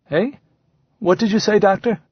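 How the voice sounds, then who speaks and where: A man's voice: high voice, moderate pace, breathy edge, no room sound. A man voicing a mild, reasonable father in an audiobook. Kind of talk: audiobook character voice. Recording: slightly dull, dry recording.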